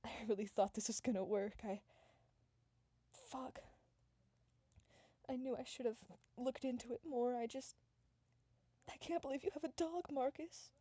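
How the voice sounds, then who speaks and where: A woman voicing a dramatic young woman breaking up with her boyfriend, melodramatic and breathy, sliding into whispered confessions. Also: medium pitch, a little slow, long pauses, dark tone, no room sound. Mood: anguished.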